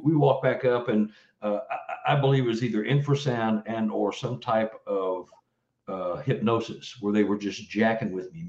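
A man from Texas telling a story as an interview guest, animated and full of "you know" fillers. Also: medium pitch. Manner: animated, acts out quoted voices, many "you know" fillers. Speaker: guest investigator. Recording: roomy, slightly dull audio.

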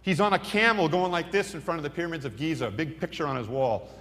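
A male preacher telling a story in a sermon, acting out the dialogue with lively energy. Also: a little high, fast. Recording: long hall reverb.

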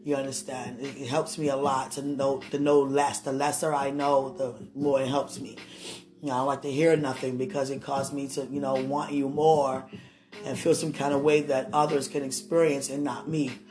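A woman's voice: very deep voice, flat delivery, normal speed, a little mellow, faint music behind. Rambling woman, affectionate monologue. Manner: rambling, affectionate, often asks "you understand?". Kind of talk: emotional monologue to a loved one. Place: sitting on a bed indoors.

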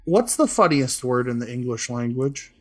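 A man's voice: mid-range voice, big pitch swings, normal speed. A man in casual conversation who asks questions and chimes in easily. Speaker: podcast co-host asking questions. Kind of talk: casual chat.

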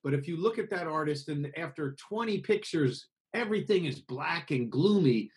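A man from America being interviewed about singing, explaining with lively examples and acted-out voices. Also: fairly high pitch, normal speed. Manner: expressive, acts out voices to make points. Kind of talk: conversational interview over a call.

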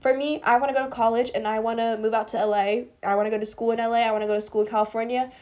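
A woman's voice: a little high, steady tone, rapid-fire, darkish tone. A young woman, hosting a podcast and giving casual, rambling advice to listeners she calls guys, full of "like" and "you know". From US East Coast. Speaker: podcast host.

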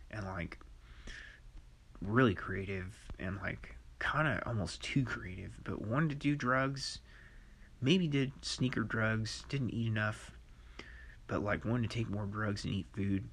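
A man's voice: on the low side, unhurried, a bit bright, slightly rough. A man hosting a podcast in a rambling, profane monologue, laughing to himself. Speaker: podcast host.

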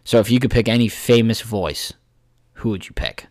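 A man's voice: lowish voice, normal speed, darkish tone, no room sound, studio quality. A man in casual podcast chat, loose and joking, swearing freely.

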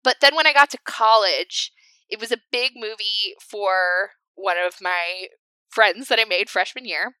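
A young adult woman co-hosting a casual podcast chat, animated and laughing often. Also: medium pitch, measured pace, clear, resonant tone, no room sound, poor audio. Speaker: podcast co-host.

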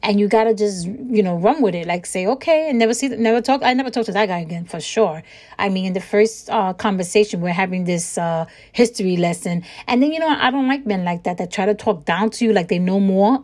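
A woman hosting a podcast, telling stories in a chatty, animated way and acting out conversations with exasperated emphasis and frequent laughter. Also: mid-range voice, fairly quick. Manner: laughs often while talking. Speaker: podcast host. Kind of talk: casual storytelling chat.

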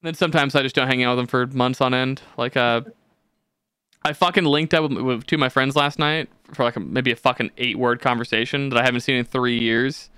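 A young man co-hosting a podcast, telling stories in casual chat, animated and swearing freely, acting out the people he quotes. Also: medium pitch, fairly quick, clean tone, no room sound. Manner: swears a lot, animated storytelling with quoted voices. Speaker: podcast co-host.

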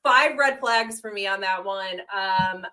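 A woman's voice: mid-range voice, measured pace, bright, forceful tone, rough recording. A woman co-hosting a podcast in casual chat, opinionated and blunt, swearing as she makes her points. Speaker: podcast co-host.

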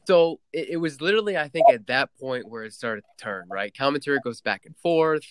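A man's voice: mid-range voice, expressive, a little fast, clean tone, no echo. A man co-hosting a casual podcast chat, laying out facts methodically. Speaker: podcast co-host.

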